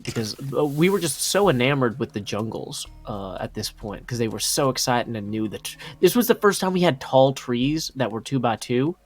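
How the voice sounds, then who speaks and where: A man co-hosting a livestream who talks quickly and chats enthusiastically. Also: mid-range voice, expressive, soft background music. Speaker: co-host on a livestream. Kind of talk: casual livestream chat.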